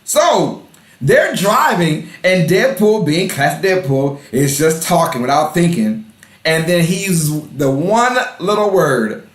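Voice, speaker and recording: A man chats casually as a podcast co-host, his voice a touch high and swinging widely as he laughs and repeats himself for emphasis. The room around him rings with a noticeable echo. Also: expressive, slow. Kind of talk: casual movie review chat.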